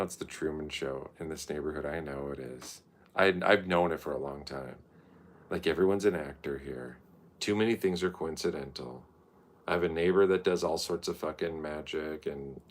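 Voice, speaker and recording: A man telling rambling, profane, stream-of-consciousness stories in a casual monologue. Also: rumbling low.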